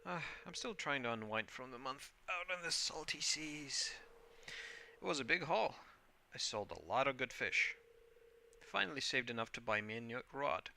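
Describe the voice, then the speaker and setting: A man's voice: medium pitch, expressive, moderate pace, creaky, sharp tone, slight background noise, pitched above the performer's own voice, exaggerated voice. A man voicing a jovial old male sailor and fisherman, talking in a hearty, folksy way.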